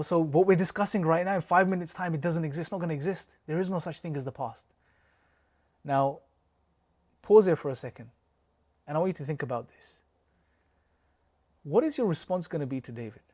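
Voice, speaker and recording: A man's voice: a little high, a little mellow. A man teaching a recorded religious lecture, explaining with rhetorical questions and a storytelling analogy. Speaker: course teacher.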